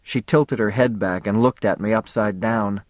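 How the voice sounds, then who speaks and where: A man narrating a story in the first person, in a measured, intimate audiobook reading. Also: fairly low pitch, no room sound, studio quality.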